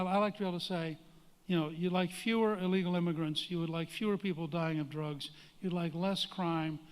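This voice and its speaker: A man's voice: high voice, smooth. An older man giving a speech to an audience and telling a story in a folksy, emphatic way. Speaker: guest speaker. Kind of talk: public speech with anecdote. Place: large hall. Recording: reverberant hall.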